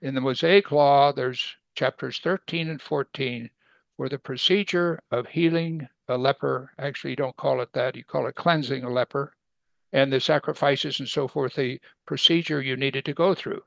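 A man's voice: medium pitch, moderate pace, gravelly, no echo. A man preaching a conversational sermon, asking rhetorical questions and acting out quoted voices. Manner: acts out quoted speakers with sudden loud excited bursts. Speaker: Bible teacher.

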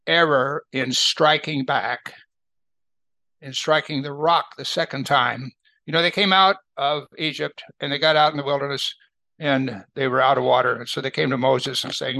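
An older man leads a Bible study in a chatty, conversational style, often asking his listeners to agree and checking they're following. His gravelly, bright voice sits slightly above typical male pitch, recorded close and dry with no echo.

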